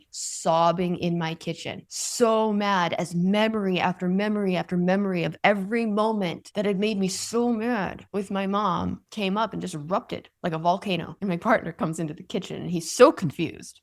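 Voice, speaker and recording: Woman with a gravelly voice telling her story. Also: mid-range voice, normal speed, few pauses. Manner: candid, emotional, conversational. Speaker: podcast host. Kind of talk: personal storytelling monologue.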